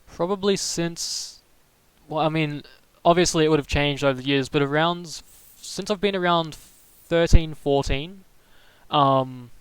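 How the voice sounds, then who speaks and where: A young man from Melbourne with a slightly raised pitch and a smooth, clean voice, recorded dry and close. He rambles through casual stream chat, stopping and restarting his sentences as he answers viewers. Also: measured pace, no echo, poor audio. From Melbourne, Australia.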